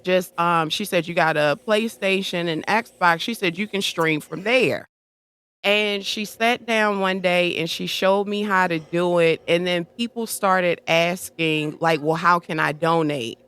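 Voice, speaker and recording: A woman's voice: fairly low pitch, a little slow, clear, resonant tone. A woman guest on a podcast telling a story in a casual way, acting out what other people said. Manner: animated, acts out quoted dialogue. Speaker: podcast guest, horror streamer.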